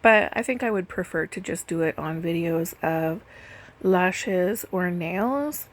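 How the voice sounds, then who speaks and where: A woman's voice: lowish voice, lively intonation, takes it slowly. A woman doing a casual storytelling voice-over, chatty and full of "like" and "literally". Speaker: nail and lash technician telling stories. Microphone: voice-over recorded separately.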